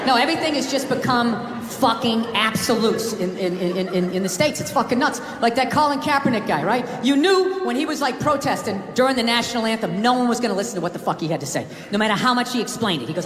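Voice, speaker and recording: A stand-up comedian from the US East Coast delivers a profane, ranting live set and acts out quick bits of other people. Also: male voice, very high voice, lively intonation, background noise. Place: large theater stage before an audience. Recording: live theater with reverb and crowd laughter.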